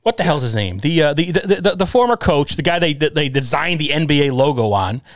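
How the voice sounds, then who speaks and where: A man's voice: on the high side, big pitch swings, brisk, no echo. A man co-hosting a casual chat show, talking emphatically and ranting straight at his listeners.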